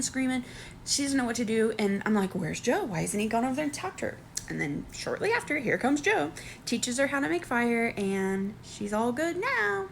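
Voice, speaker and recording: A woman recapping a reality show in a casual vlog, animated and excitable, breaking into high squeals. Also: vocal fry, slight background noise.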